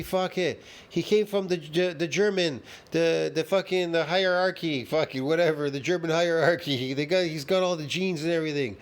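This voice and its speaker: A man with a fairly high voice launches into a heated, profanity-laden reaction rant. He hammers the same points again and again, cursing in almost every sentence, and sounds openly scornful. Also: moderate pace. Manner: heated, swearing, repetitive ranting. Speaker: fitness commentator reacting to a video.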